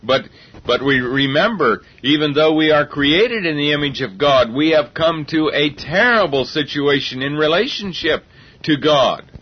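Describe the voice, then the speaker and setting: A man's voice: fairly high pitch, unhurried, breathy edge. A man preaching a sermon in an earnest, reasoning way, often repeating words as he builds his point. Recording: dull lo-fi recording.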